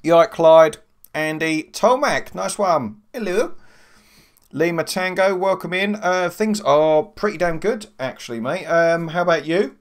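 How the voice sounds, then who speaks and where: A man's voice: on the high side, a little slow. A man hosting a casual live stream, swearing freely as he greets chat viewers by name from his home computer on a desk microphone. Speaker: livestream host. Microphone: desk USB microphone.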